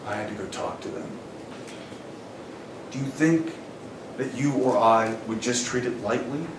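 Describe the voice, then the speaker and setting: A man preaching a camp sermon, animated, laughing often and asking the crowd questions. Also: medium pitch, unhurried, background noise. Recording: roomy hall, distant mic, faint ambience.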